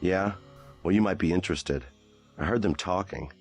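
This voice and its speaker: A man's voice: low voice, moderate pace. An actor playing a male civilian in a video game who passes on a helpful tip, earnest and eager. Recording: game audio with faint music.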